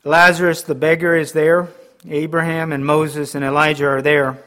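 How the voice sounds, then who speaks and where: Halting preacher, man, slightly high voice. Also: flat delivery, bright, forceful tone. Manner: halting, with frequent ums and restarts. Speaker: pastor. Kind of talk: sermon.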